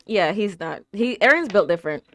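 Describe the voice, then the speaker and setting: Reaction host, young woman, animated and talkative, answers the screen, dry close sound. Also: mid-range voice, dry recording. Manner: chatty, exclaims and laughs, talks back at the screen. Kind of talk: casual reaction commentary.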